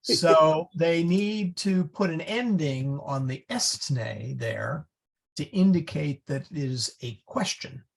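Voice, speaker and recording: A man's voice: fairly high pitch, lively intonation, slow pace, creaky. A man teaching a small Latin class, thinking aloud as he clicks through slides and explains grammar. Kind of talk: informal class discussion.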